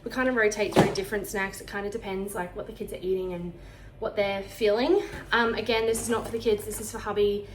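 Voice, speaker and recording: A woman in her thirties with an Australian accent, chatting casually to camera about her week, talking fast enough to sound out of breath. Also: medium pitch, steady tone, echoey room, a little hiss or hum, rough recording. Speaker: vlogger. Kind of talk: casual chat.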